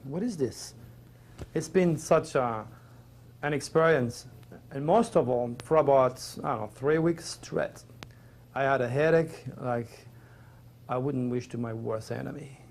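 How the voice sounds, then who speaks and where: Gravelly man with a French accent. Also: medium pitch, measured pace, a little mellow, slight background noise. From Provence, France. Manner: earnest, rambling, emotional. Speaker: interview guest. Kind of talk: personal storytelling.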